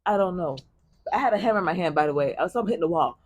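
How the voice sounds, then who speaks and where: Husky woman telling a blunt story. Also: fairly low pitch, very fast. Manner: blunt, profane, animated retelling with bursts of laughter. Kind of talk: casual story time chat.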